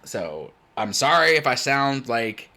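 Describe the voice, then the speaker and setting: A man born in Germany, a native German speaker, hosting a game tournament in casual chat, blunt and loud when excited. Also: medium pitch, slow, vocal fry. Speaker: tournament host.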